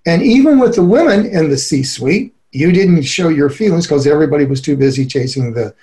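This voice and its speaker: A middle-aged man giving an earnest, animated interview as a relationship expert, often breaking into laughter. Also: on the high side, a little fast. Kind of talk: conversational interview.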